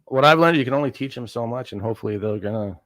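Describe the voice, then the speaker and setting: A man's voice: medium pitch, rapid-fire, a bit bright, no echo. Plain-spoken man guest on a talk show. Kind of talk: casual chat.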